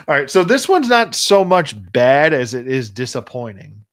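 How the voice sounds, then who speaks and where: A man's voice: fairly high pitch, lively intonation, normal speed, few pauses, fairly bright tone, poor audio. A man hosting a casual livestream toy review, blunt and rambling, often restarting his sentences. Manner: rambling, blunt, repeats and restarts while complaining. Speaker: action figure collector and channel host.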